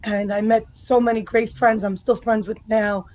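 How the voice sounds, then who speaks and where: A woman's voice: a little high, little pitch movement, moderate pace, a little mellow, low-quality recording. A middle-aged woman from the Bronx with a New York accent, a guest in a casual podcast chat, blunt and profane.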